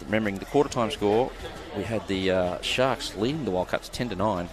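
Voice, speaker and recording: A man's voice: lowish voice, crowd noise. A man calling a live netball game as play-by-play commentator, chatty and jokey. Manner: chatty, jokey, quick to laugh. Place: outdoor netball court. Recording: noisy court ambience behind.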